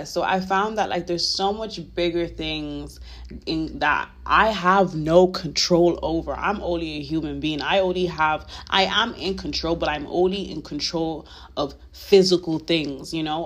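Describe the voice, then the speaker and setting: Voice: medium pitch, measured pace, fairly bright tone. A podcast host giving a casual faith talk, earnest and confessional, rambling with lots of filler phrases. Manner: emotional, confessional.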